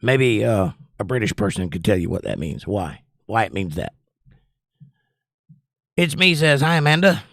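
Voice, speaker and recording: A man's voice: lowish voice, big pitch swings, normal speed, gravelly, long pauses, a bit bright, dry recording, studio quality. A man hosting a casual livestream, reading viewer comments aloud and rambling between them. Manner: chatty, rambling, reads chat aloud. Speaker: livestream host.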